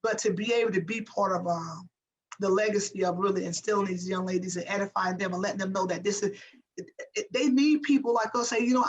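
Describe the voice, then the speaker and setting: A woman's voice: medium pitch, steady tone, quick pace, slight background noise, poor audio. A woman guest speaking as a basketball coach, emphatic and motivational, repeating phrases for effect. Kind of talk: motivational interview talk.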